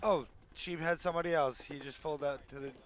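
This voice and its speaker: A man co-commentating a live paintball match in a relaxed, chatty way, often adding "you know what I mean". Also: on the high side, a little fast, soft background music.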